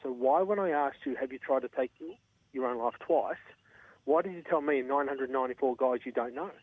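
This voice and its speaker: A man's voice: mid-range voice, a little fast, no room sound. An Australian man, a charity co-founder, telling an earnest, emphatic story in an interview. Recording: tinny phone line.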